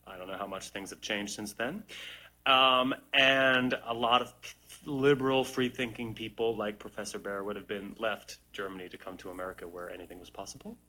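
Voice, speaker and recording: Chatty man with a bright voice. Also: lowish voice, steady tone, moderate pace. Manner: chatty, answers viewer questions with laughs. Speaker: musical theatre actor. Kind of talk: casual live-stream Q&A.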